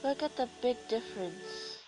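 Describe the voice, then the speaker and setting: Fairly high-pitched and animated yet mellow, this young woman speaks at a normal pace despite a sore throat from being sick. She's commentating a video game in a casual let's-play, chatty with sarcastic, self-deprecating comments. Faint music sits behind the low-quality recording.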